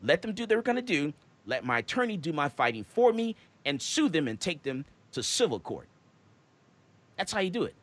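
A man's voice: on the high side, very animated, fairly quick, fairly bright tone. A man hosting a radio talk show, lecturing his listeners in an emphatic, preachy monologue.

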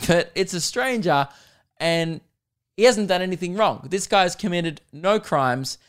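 A man's voice: high voice, expressive, unhurried, a bit bright, smooth. A young man, hosting a solo podcast and telling a rambling, crude, self-mocking story. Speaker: podcast host.

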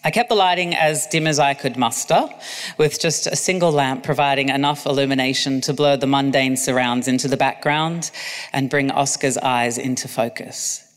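A man's voice: mid-range voice, fairly even intonation, normal speed, a bit bright, in a large hall. Cheeky man reading aloud. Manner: cheeky, laughing asides. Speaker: author reading own memoir. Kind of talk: audiobook narration with asides.

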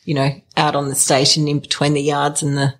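A woman's voice: sits low, monotone, a little fast. A middle-aged woman telling her own story in an interview, hesitant, with many fillers and restarts. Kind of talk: candid personal storytelling.

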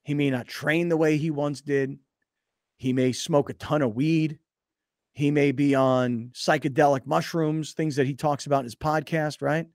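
A man hosting a sports radio show, telling stories in an animated way and acting out the scenes. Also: a little high, normal speed, no room sound, studio quality. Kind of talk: casual sports talk.

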